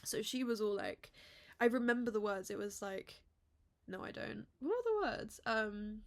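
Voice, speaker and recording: A young woman from England chats to camera at home in a casual vlog. Her voice sits a touch high, and she rambles through her stories, full of fillers. She keeps poking fun at herself and apologizing for being mean. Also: lively intonation, a little slow, a bit bright. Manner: chatty, self-deprecating, rambling with many fillers. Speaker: vlogger. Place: home room.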